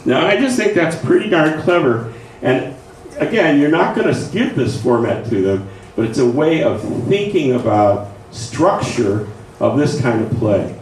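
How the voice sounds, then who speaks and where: Giving a relaxed lecture to a writing group, this man speaks a little slowly in a slightly mellow, mid-range voice with big pitch swings. He often checks in with his listeners; the mic is far off in an echoey room with faint background noise.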